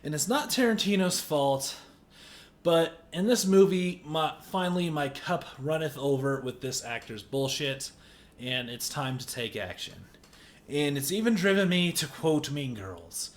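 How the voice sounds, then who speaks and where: A man ranting indignantly in a movie review video, exaggerated, and shouting at times. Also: fairly high pitch, animated, unhurried.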